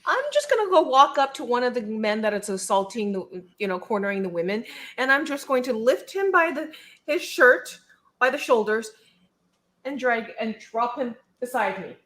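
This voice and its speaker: A woman player in a tabletop game says what her character does in a fairly high, matter-of-fact voice. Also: very animated, normal speed, fairly bright tone.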